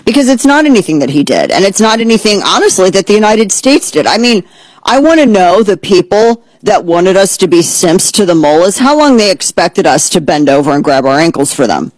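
A woman hosting political talk radio, heated and blunt, with a sarcastic edge. Her pitch sits in the middle range. The sound is dry and close to the mic. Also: big pitch swings, moderate pace, dry recording, poor audio. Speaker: radio host.

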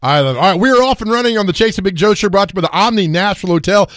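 A male sports radio host talks with his studio crew in easy banter, laughing and joking between topics. His voice sits a touch high, and the sound is dry and close on a studio microphone. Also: racing, a bit bright, dry recording. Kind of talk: casual sports radio chat.

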